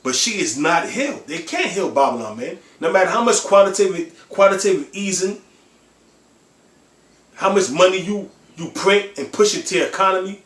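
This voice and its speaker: A man's voice: high-pitched, expressive, normal speed, a bit bright. Fiery preaching man, echoey room. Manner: emphatic, fiery, ends phrases with "man"; blunt and profane. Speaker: preacher on a livestream. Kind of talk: impassioned religious preaching.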